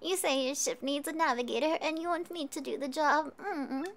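A woman reading the lines of a stubborn, retired old male sailor in a video game, with clipped, formal old-fashioned phrasing, a little lower and softer than her usual voice. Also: normal speed. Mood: stubborn refusal.

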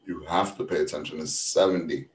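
A man's voice: rumbling low, fairly even intonation, a little fast, echoey room, recorded from a distance, rough recording. A man from New Jersey in casual podcast chat, laid-back and enthusiastic. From New Jersey, USA. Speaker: podcast guest.

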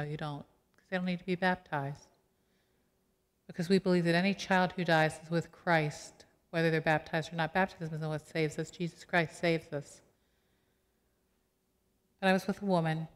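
A middle-aged woman pastor giving a sermon in a conversational, animated storytelling way, acting out quoted voices. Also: deep voice, clear, resonant tone. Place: church sanctuary. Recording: long church reverb.

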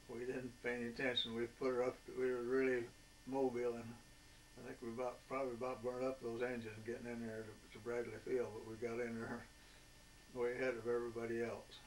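A man in his eighties, a veteran, recalling his wartime years in a folksy, rambling way with many filler pauses. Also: mid-range voice. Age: 80s. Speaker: veteran interviewee. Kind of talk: oral history reminiscence. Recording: distant mic with faint background noise.

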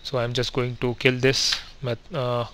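Bright-voiced man walking through code. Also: mid-range voice, flat delivery, unhurried, clean tone. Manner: methodical step-by-step, frequent fillers and self-corrections. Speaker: software testing instructor. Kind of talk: screen-recorded coding tutorial.

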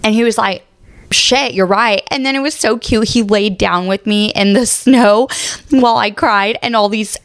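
A woman hosting a casual solo podcast, telling stories in a candid, expressive way and swearing often. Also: mid-range voice, normal speed, no echo, clean studio sound. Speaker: podcast host.

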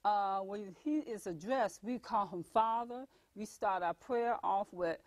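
A woman hosts a faith talk program in an earnest, chatty way, her voice sitting at an ordinary middle pitch. The sound is close and dry, with almost no room around it. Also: measured pace, hardly any pauses, dry recording. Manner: chatty, earnest, laughs easily. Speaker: talk show host. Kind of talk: casual religious talk show chat.

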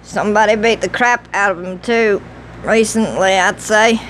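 A woman reading an audiobook novel in a steady, measured storytelling voice. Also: mid-range voice, a little hiss or hum, rough recording. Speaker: audiobook reader. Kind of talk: audiobook narration.

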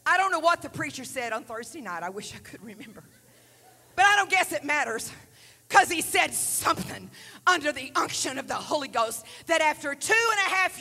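A woman in her sixties preaching a testimony sermon in a church, dropping to hushed near-whispers and rising to fervent shouts. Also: high voice, big-room sound. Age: 60s. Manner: breaks into speaking in tongues. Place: large church sanctuary.

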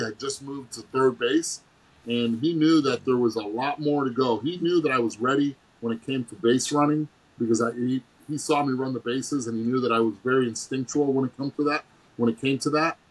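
A middle-aged former baseball player, appearing as a guest, tells stories casually with a slightly rough voice on a rough recording. He is animated, acting out quotes with big pitch jumps and laughing.

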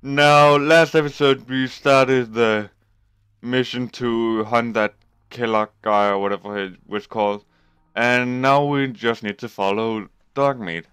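Smooth-voiced man doing gameplay commentary. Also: medium pitch, fairly even intonation, unhurried, no room sound, clean studio sound. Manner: loud, swearing reactions to the game. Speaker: gaming channel host. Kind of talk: let's play commentary.

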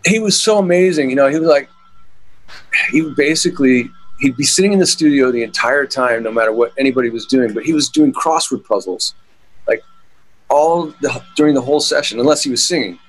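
A man's voice: mid-range voice, brisk, poor audio. Rambling middle-aged male guitarist. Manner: rambling, many restarts and fillers, acts out quotes. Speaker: guitarist being interviewed. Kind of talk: casual interview storytelling.

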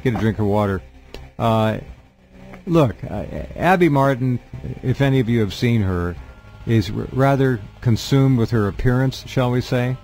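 A man's voice: mid-range voice, normal speed, a little mellow, faint music behind. A man hosting a radio talk show, interviewing a guest and giving blunt, opinionated remarks. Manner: blunt, opinionated, many short backchannels. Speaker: radio host.

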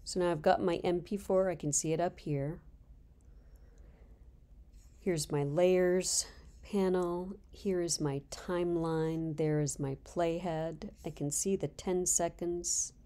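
A woman instructor calmly walking through a software tutorial step by step. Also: fairly low pitch, takes it slowly. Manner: calm step-by-step explaining. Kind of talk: screen-recorded software tutorial.

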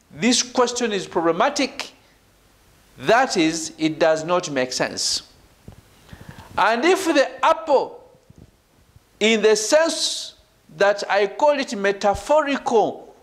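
Male professor, middle-aged, university lecture, high voice, unhurried delivery, repetitive and emphatic, checks in with the class. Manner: repetitive and emphatic, punctuating points with "right?" and "ladies and gentlemen". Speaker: professor leading a doctoral seminar.

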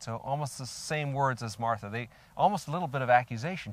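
A man's voice: medium pitch, lively intonation, fast talker, hardly any pauses, dry recording. An older man preaching a sermon, earnest and reflective, asking his listeners direct questions and reading scripture aloud with rising emphasis.

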